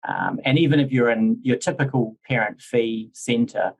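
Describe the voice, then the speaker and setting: A man's voice: medium pitch, moderate pace, vocal fry, rough recording. A man with a New Zealand accent, a guest on a podcast interview, explaining his work at length in casual talk, with frequent fillers and restarts. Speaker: podcast guest, chief executive.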